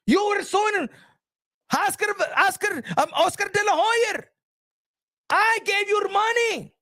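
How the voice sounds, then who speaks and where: A man impersonating a furious, rich male boxing promoter who shouts and swears as he scolds a fighter. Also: very high voice, slow, pitched above the performer's own voice, exaggerated voice.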